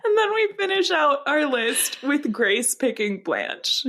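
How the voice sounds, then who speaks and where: A woman's voice: sits high, sing-song, a little slow, creaky, fairly bright tone. A young woman co-hosting a podcast in casual chat, playful and laughing often as she acts out bits. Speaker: podcast co-host.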